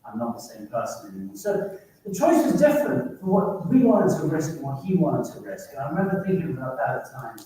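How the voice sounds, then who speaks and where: A man's voice: on the high side, wildly swooping pitch, a little fast, warm tone. A man giving a keynote talk, telling war-reporting stories to an audience and laughing through the anecdotes. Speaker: keynote speaker, war correspondent. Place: conference room at a business summit. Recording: echoey hall, distant mic.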